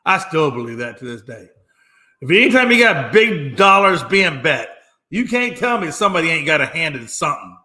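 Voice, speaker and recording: A man's voice: on the high side, very animated, normal speed, pushed and bright. A man hosting his own sports talk show alone, ranting emphatically and mockingly, repeating lines for effect. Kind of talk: solo sports talk rant.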